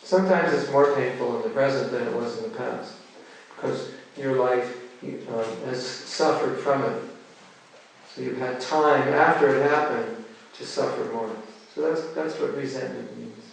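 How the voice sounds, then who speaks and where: A man's voice: mid-range voice, measured pace, vocal fry, slight background noise. An American man teaching a spiritual seminar in a casual, joking way, quizzing his listeners as he goes. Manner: chatty, jokes and quizzes the audience. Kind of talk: casual spiritual lecture to a live audience. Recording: echoey room, distant mic.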